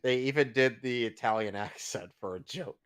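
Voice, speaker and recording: A man's voice: mid-range voice, moderate pace, fairly bright tone, clear, resonant tone. A man hosting a casual movie riffing session, firing off sarcastic, mock-exasperated quips.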